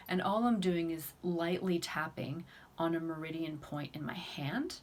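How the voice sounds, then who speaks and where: A young adult woman coach calmly explaining a tapping technique to camera, steady and unhurried with occasional fillers. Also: on the low side, slight background noise. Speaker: self-help coach. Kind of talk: instructional talk to camera.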